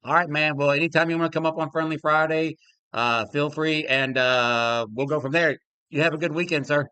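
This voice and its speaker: A man's voice: fairly high pitch, a little fast, bright, forceful tone, clean tone, dry recording. An older man hosting a casual live-stream talk show, easygoing and chuckling, loose with fillers. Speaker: podcast host taking callers.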